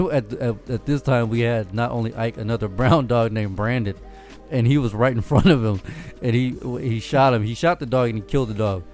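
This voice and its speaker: A man in casual chat with friends, telling loose, profane stories and breaking into laughter often. His voice sits at a middle pitch, and faint music plays behind him. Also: a little mellow.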